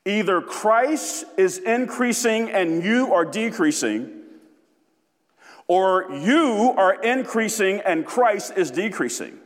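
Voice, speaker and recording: A man preaching a sermon as pastor, emphatic and deliberate, repeating key phrases for weight. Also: high-pitched, expressive, in a large hall.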